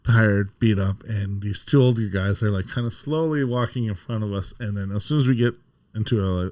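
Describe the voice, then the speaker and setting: A man's voice: on the low side, brisk, darkish tone, no echo, studio quality. A man co-hosting a podcast who tells laid-back anecdotes and chimes in agreeably during casual chat. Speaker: podcast co-host.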